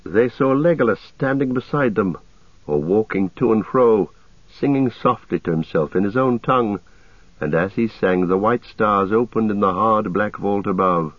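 A man with a lowish voice reads a story aloud, steady and measured. The sound is tinny and narrow like an old radio broadcast, and completely dry. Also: no room sound. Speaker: narrator. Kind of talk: audiobook narration.

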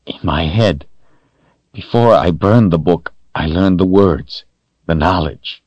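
A man's voice: deep voice, slow, a little mellow, dry recording, muffled recording. A man voicing a terrified young male captive under torture who talks in a fearful, strained, pleading way. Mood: defiant.

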